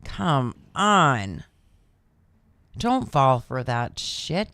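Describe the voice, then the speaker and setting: A woman's voice: a bass voice, very animated, very slow, fairly bright tone, no echo. A woman co-hosting a casual morning talk show, chatty and blunt with many fillers. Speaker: radio co-host. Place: studio.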